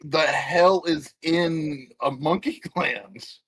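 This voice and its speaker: A man's voice: a little high, extremely slow, fairly bright tone, breathy edge, rough recording. A man playing in a tabletop game, curious and full of questions, laughing as he asks. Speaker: player. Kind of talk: casual game chat.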